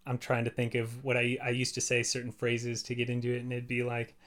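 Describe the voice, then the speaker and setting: A man who works as a voice actor, talking at length in a relaxed podcast chat, full of fillers like "like" and "you know". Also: mid-range voice, a little fast, crowd noise. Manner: chatty, explains at length with many fillers.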